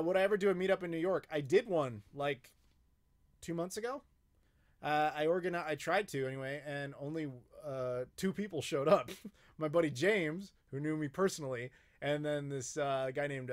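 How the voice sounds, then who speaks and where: An American man hosting a casual live-stream Q&A, rambling with frequent fillers and profanity. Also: a little high. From United States. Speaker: YouTube host answering live chat questions.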